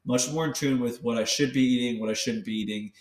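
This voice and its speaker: A man's voice: medium pitch, quick pace, roomy sound, recorded from a distance. A man co-hosting a casual podcast chat, talking candidly and animatedly, swearing freely and acting out the voices in his head. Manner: candid, profane, animated storytelling. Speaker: podcast co-host.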